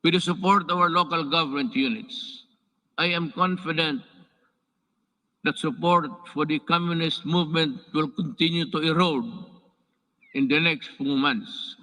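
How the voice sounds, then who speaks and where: A man's voice: fairly high pitch, steady tone, sharp tone. A man with a Filipino accent giving a formal address from a podium in a large indoor hall. He breaks into off-script asides and keeps restarting and correcting himself. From Philippines. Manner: halting, with restarts and self-corrections. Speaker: head of state giving an address. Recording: long reverb of a large hall.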